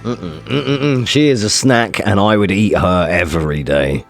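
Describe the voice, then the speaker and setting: A man's voice: on the low side, unhurried, vocal fry, faint music behind. A male streamer chatting casually with his viewers, joking around and swearing a lot. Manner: joking, swearing, reacting to chat. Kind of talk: casual live-stream chat.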